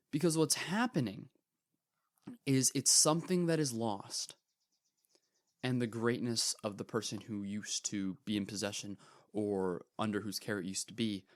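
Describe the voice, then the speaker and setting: A teenage boy hosting a podcast, retelling a parable in earnest, casual commentary with animated asides. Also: mid-range voice, dry recording, clean studio sound. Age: teens. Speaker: podcast host.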